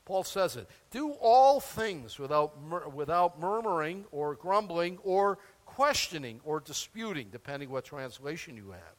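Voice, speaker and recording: Older male pastor, folksy emphatic sermon, lively pitch, hall echo. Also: measured pace, hardly any pauses. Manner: folksy and emphatic, with asides and chuckles.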